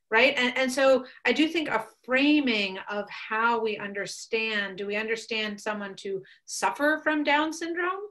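Earnest woman speaker, bright voice. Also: a little high, normal speed. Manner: thoughtful, earnest, speaks with frequent fillers. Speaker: guest speaker. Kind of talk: webcast talk with Q and A.

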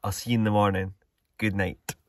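A man's voice: fairly low pitch, little pitch movement, fairly quick, slight background noise. A young Scottish man chatting casually in an easygoing, rambling way while car camping outdoors by a loch. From Scotland. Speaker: vlogger. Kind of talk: casual vlog chat.

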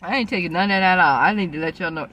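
A woman hosting a casual eating vlog from a car, talking slowly between bites and humming "mm" over her food. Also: on the low side, bright, forceful tone, dry recording. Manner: slow, drawn-out talk between bites with lots of mm sounds. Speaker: mukbang host. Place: inside a car.

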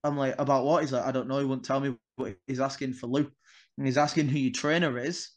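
A man's voice: mid-range voice, fast. A young man spins a story on a podcast, acting out each exchange with plenty of swearing. His voice sits in an ordinary middle register. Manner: animated, swears freely, acts out dialogue. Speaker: wrestler guest.

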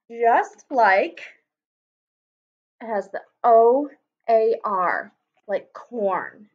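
A woman teaches phonics to a class, drawing each word out slowly and saying it several times over. Her voice sits high and swoops up and down. The recording sounds dull and lo-fi. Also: lively intonation. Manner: slow, sounding out words and repeating them. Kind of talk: phonics lesson for children.

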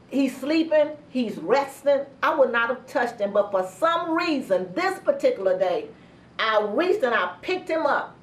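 A middle-aged woman pastor giving a sermon testimony, telling a personal story slowly and earnestly with heartfelt pauses. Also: fairly high pitch. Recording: roomy sound from a distance.

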